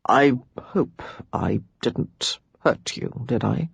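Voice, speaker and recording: Gruff brooding lord, low and halting, as a woman narrator puts him on, husky audiobook read. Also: big pitch swings, dry recording, heavily acted. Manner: low, quiet and halting, sometimes near a whisper. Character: brooding aristocratic man, gruff and remorseful.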